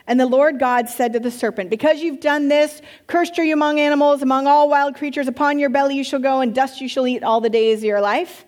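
A woman's voice: high-pitched, fairly quick. A woman pastor giving a sermon, reading scripture and breaking into conversational, playful asides.

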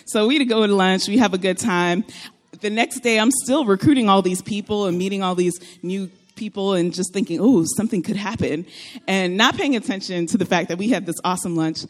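Animated young woman telling a story. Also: medium pitch, fairly quick. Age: young adult. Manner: animated, laughing often, acts out quoted voices. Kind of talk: casual personal storytelling.

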